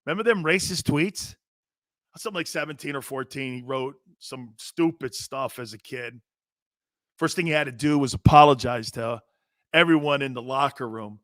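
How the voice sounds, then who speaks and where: Man, sports talk host, high voice, bright forceful tone, brash rhetorical rant. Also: no room sound, studio quality. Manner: brash, animated, rhetorical questions, slangy. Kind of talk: opinionated sports talk monologue.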